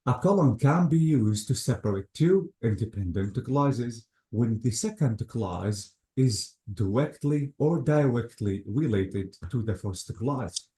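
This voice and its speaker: A man's voice: mid-range voice, mellow. A man teaching English grammar in a methodical classroom style, walking through examples step by step and leaning on words like "notice" and "absolutely". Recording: echoey room.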